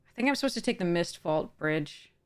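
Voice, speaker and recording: A woman's voice: on the low side, lively intonation, a little fast, clean tone. A woman in a casual live stream, thinking aloud about card picks and chatting with viewers, a little tired. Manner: chatty, thinks aloud, greets chat warmly. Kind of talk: casual live-stream chat while drafting cards.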